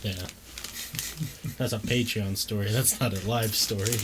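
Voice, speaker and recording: A man's voice: on the low side, steady tone, unhurried, noisy background. A man co-hosting a podcast, teasing the others and laughing between lines. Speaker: podcast co-host. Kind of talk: crude casual banter.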